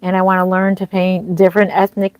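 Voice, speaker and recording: A woman's voice: fairly low pitch, level tone, fairly quick, no echo. A woman streaming live as a reborn doll artist, chatting casually, greeting viewers and answering their comments with frequent ums and restarts.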